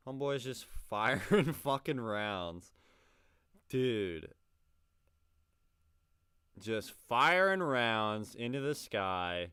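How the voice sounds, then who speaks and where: A man's voice: medium pitch, expressive, drawn-out words, pauses often, pushed and bright, clean tone, no echo, studio quality. A man hosting a reaction video, talking casually with exasperated, profane remarks and laughing asides.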